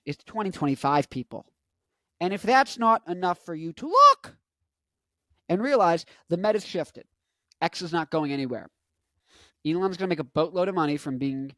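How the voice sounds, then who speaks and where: A man's voice: a little high, no echo, clean studio sound. A man in his twenties giving casual, rambling commentary with goofy asides and self-promotion. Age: 20s. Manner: goofy, jumps between topics and bits. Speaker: vlogger and rock musician.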